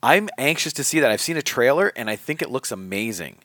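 A man co-hosting a casual chat, playful and quick to laugh. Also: mid-range voice, big pitch swings, a bit bright, no room sound, clean studio sound.

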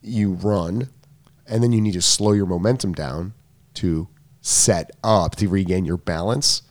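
A man's voice: low-pitched, measured pace. New man explaining tennis footwork. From New York. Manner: explains in detail, self-correcting restarts. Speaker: tennis coach. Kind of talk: casual podcast chat.

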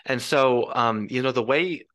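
A man, an apologist guest on a podcast, explaining his reasoning in a measured, lecturing way. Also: mid-range voice, fairly bright tone. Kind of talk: casual podcast discussion.

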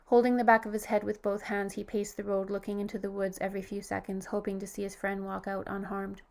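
A woman reading a horror story aloud as narrator, steady and even, lifting her voice slightly for the characters' quoted lines. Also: medium pitch.

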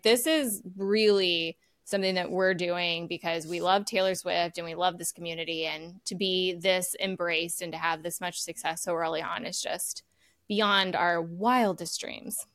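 A woman's voice: on the low side, fairly even intonation, normal speed, fairly bright tone, no echo. Chatty woman podcast co-host, dry sound. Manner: chatty, swears casually, laughs often. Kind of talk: casual chat.

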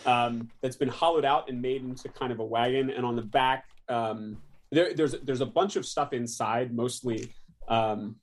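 A man playing a tabletop role-playing game, describing his character's wagon in a halting, rambling way and laughing often. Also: mid-range voice. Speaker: player. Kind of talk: casual tabletop game chat.

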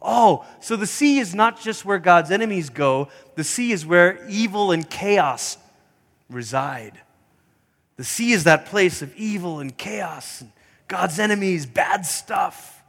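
A male pastor with a high voice and a bright, forceful tone delivers an animated sermon. He acts out voices and breaks into snatches of song as he preaches. His voice carries a long reverb from a church sanctuary. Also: slow, creaky.

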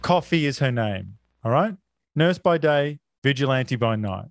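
A man's voice: mid-range voice, expressive, measured pace, creaky, loud music behind the voice. A man, a podcast co-host, casually recapping a film plot, full of filler uhs and offhand swearing.

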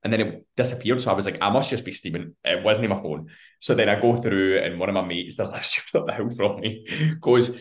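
A man's voice: fairly low pitch, fairly quick. A man with a Scottish accent, co-hosting a podcast, telling a long story in casual chat, swearing freely and laughing as he goes. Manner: swears freely and laughs through his anecdotes. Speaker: podcast co-host.

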